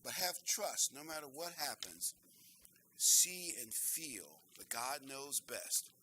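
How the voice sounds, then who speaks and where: An older man preaching a sermon, earnest and emphatic, slowing down to stress key phrases. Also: mid-range voice, very animated, background noise.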